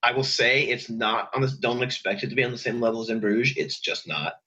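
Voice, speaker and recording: A man as a podcast guest in casual chat, halting and restarting his phrases. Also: mid-range voice, muffled recording, crowd noise.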